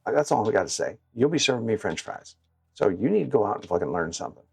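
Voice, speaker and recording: A man giving casual gameplay commentary that turns into blunt, profane, animated stories, recorded on a clip-on mic at home. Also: lowish voice, quick pace, vocal fry, breathy edge, no echo. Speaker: gaming streamer. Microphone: wireless clip-on mic.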